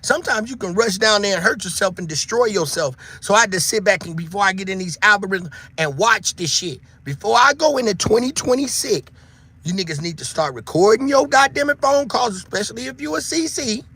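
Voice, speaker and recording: Loud, preachy raspy-voiced man in his fifties. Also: sits high, a little fast. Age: 50s. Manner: preachy, animated, swears freely, shouts for emphasis. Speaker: online show host. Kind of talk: casual monologue to viewers.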